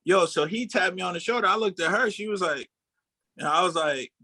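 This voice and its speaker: Bright-voiced man in his forties telling a story. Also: sits high, a little fast, no echo. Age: 40s. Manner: animated storyteller, acts out quotes. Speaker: podcast co-host. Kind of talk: casual storytelling chat.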